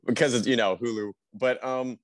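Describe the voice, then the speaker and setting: A young man, an actor guest in a casual interview over a video call, rambling and halting with many fillers. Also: mid-range voice, fairly even intonation.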